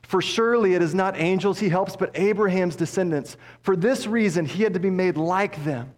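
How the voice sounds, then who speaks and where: A man preaching a sermon as pastor, passionate, dropping low and soft for emphasis. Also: normal speed. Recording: long hall reverb.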